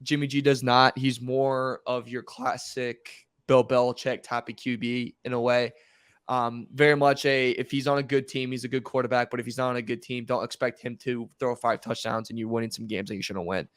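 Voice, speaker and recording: A man's voice: medium pitch, flat delivery, normal speed, clean tone, dry recording, clean studio sound. A man co-hosting a sports podcast, talking football in a laid-back, casual way with everyday comparisons. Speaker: podcast co-host.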